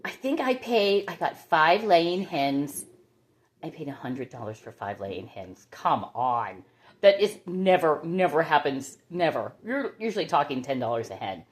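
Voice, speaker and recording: A woman's voice: sits low, sing-song, measured pace. A middle-aged woman chatting casually and enthusiastically as she shows her orchids at home. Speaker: orchid grower. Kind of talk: casual chat while touring plants. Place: home with plants.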